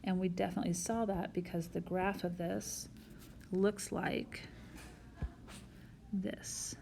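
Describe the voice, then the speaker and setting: Patient woman teaching algebra, low mellow voice. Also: level tone, moderate pace, gravelly, a little hiss or hum. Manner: patient, explains step by step. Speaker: math teacher. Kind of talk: recorded whiteboard math lesson.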